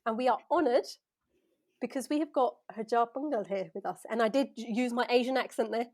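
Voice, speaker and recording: A woman's voice: a little high, fairly quick, darkish tone. A woman co-hosting a casual podcast, upbeat and laughing often, introducing a guest. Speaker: podcast co-host.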